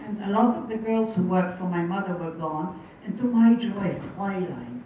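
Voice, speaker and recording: Older woman from Hungary, mellow wry storyteller, heard from afar in a dull, echoey hall. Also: medium pitch, normal speed, far from the mic, a little hiss or hum. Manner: wry, vivid storyteller who quotes voices. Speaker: Holocaust survivor speaker. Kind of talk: personal storytelling talk.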